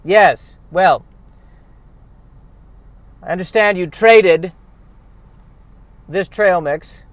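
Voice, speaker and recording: A man's voice: sits high, extremely slow, long pauses, no echo, voice pushed up. A man playing a pompous, stern older American general who speaks in a formal, declaiming way from inside a car.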